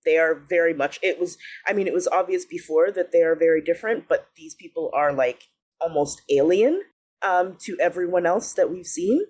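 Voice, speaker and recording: A woman's voice: on the low side, moderate pace, darkish tone. A woman co-hosting a podcast, talking in a casual, enthusiastic way and laughing often. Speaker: podcast co-host. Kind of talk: casual chat.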